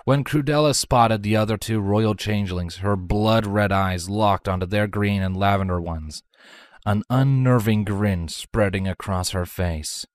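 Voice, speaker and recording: A woman narrating a fan fiction story in an expressive storytelling manner. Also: extremely low pitch, measured pace, no echo, clean studio sound.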